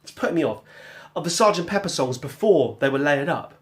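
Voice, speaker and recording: A man with a slightly higher voice, talking casually at home about how he makes his music. He rambles in a loose, chatty way, drifts off topic for jokey asides and breaks into scat-singing. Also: animated, a little fast. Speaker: musician vlogger. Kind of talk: casual spoken vlog. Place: home kitchen.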